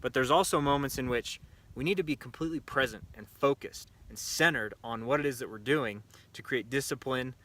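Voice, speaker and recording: A man's voice: medium pitch, fairly quick, fairly bright tone. A man with a casual, conversational delivery full of fillers and restarts, talking to camera as a shooting coach at an outdoor pistol range. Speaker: shooting coach and show host.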